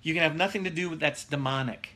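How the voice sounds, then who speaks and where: A man's voice: on the high side, fast, bright, forceful tone, slight background noise. A middle-aged male pastor giving a casual live Bible teaching, who laughs often and reads out viewer comments.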